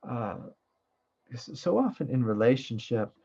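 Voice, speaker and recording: A man with a gravelly, creaky voice of middle pitch gives a reflective spiritual teaching. He speaks gently and loosely, with fillers and asides. The recording sounds dull and lo-fi. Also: very animated, unhurried. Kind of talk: satsang talk.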